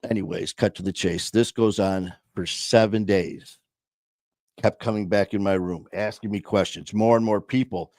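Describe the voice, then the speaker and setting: This podcast host, a man with a fairly low, darkish voice, tells his own story casually at a normal speed with fairly even intonation. He's blunt and profane, restarting often and letting phrases trail off, all captured in clean studio sound with no echo.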